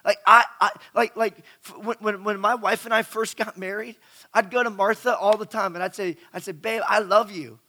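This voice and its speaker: The middle-aged preacher's high, sharp voice stays fairly even in intonation at a moderate pace. His sermon is chatty, with questions aimed at the crowd and words said over again.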